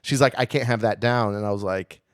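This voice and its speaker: A man's voice: fairly low pitch, fairly quick, no room sound, studio quality. A man co-hosting a comedy podcast, telling a long travel story in a casual, profane, self-deprecating way. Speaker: podcast co-host.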